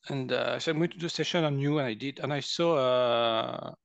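This fifty-something Frenchman, a guest energy healer, recounts personal stories in his French accent, acting out quotes and laughing a lot. He speaks a little fast in a creaky, mid-range voice. The recording is dry.

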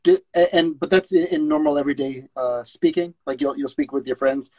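A man's voice: fairly high pitch, fairly quick, a little mellow, no echo. Male podcast co-host, inquisitive and friendly, dry recording. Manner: curious, asks questions. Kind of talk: casual chat.

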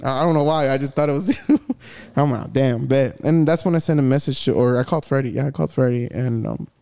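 A young man with a middle-pitched voice rambling through a story among friends. He uses loose slang and drops in Spanish asides. His tone stays easygoing and conversational. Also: fast, vocal fry, darkish tone, clean tone. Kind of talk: casual chat among friends.

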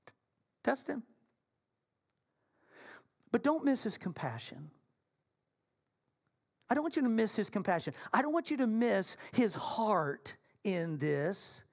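A man preaching a sermon as senior minister in a church sanctuary. He tells his story playfully and animatedly, then drops to soft, hushed appeals. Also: sits high, very animated, slow pace, gravelly, long pauses.

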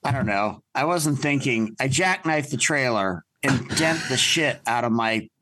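A man telling stories in a casual chat as a podcast guest, animated, laughing often and swearing casually. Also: mid-range voice, measured pace, slight background noise. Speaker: podcast guest, business owner.

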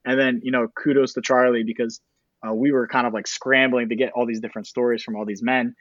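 A man's voice: mid-range voice, flat delivery, fast talker, no room sound, lo-fi sound. A man telling a behind-the-scenes filmmaking story in a casual interview, rambling with lots of fillers and restarts. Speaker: documentary filmmaker guest.

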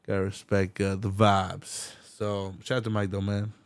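Laid-back slangy man, low and dry. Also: normal speed, dry recording. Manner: laid-back slangy talk, swears a lot, animated when retelling scenes. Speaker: podcast host. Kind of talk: casual solo podcast rant.

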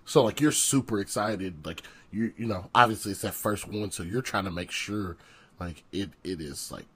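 Husky, low-voiced podcast host. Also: male voice, moderate pace. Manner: animated, acts out quotes, laughs often. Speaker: podcast co-host, former football and baseball player. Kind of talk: casual podcast storytelling.

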